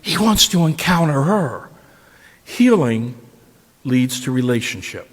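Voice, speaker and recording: A man's voice: mid-range voice, big pitch swings, slow pace. A man preaching a sermon, retelling a story and posing rhetorical questions to his listeners. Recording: long reverb of a large hall.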